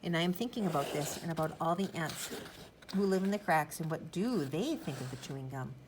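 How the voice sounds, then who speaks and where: A woman narrating a children's chapter book in the first person, rambling in a chatty, childlike way. Her voice sits on the low side. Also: animated, brisk, background noise. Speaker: audiobook narrator.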